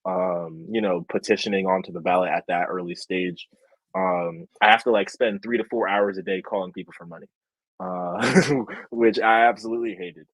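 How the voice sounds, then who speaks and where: A man's voice: sits low, moderate pace, dry recording, poor audio. A young man chatting casually as a podcast guest, rambling with many fillers. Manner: rambling, lots of fillers, animated. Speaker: guest, state house candidate. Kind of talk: casual chat.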